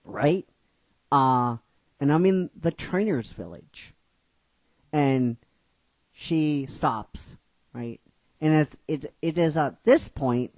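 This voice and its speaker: A man's voice: mid-range voice, no echo. A man telling and explaining the story of his own fan script in a casual, rhetorical way, repeating himself. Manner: rhetorical, keeps asking "right?", repeats himself.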